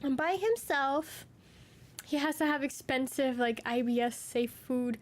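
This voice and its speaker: A woman's voice: sits high, unhurried. A woman streamer chatting casually with viewers from her room at home, gushing and doting, slipping into baby talk.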